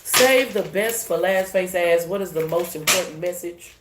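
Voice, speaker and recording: A woman giving a casual tarot reading in a brash, profane, animated way. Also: on the low side, moderate pace, roomy sound, very noisy. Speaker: tarot reader.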